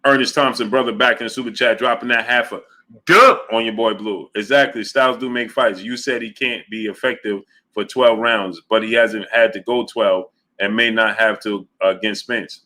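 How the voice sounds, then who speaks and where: A man's voice: on the low side, steady tone, normal speed, pushed and bright. A man hosting a boxing livestream, arguing his points emphatically and repeating them while reading out viewer chat messages. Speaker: boxing show host.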